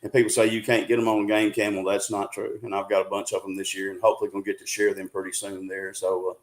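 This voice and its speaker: A man's voice: on the low side, flat delivery, fast talker, rough recording. Folksy Arkansas man in his sixties. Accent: Southern US, Arkansas. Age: 60s. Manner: folksy, rambling, friendly. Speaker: guest, Bigfoot researcher. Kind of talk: casual interview talk.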